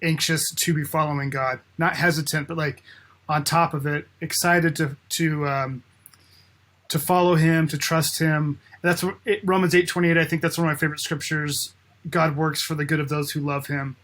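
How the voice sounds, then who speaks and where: A man's voice: a little high, steady tone, normal speed, fairly bright tone. A man hosting a podcast, chatting casually with hesitant fillers. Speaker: podcast host. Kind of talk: casual interview chat.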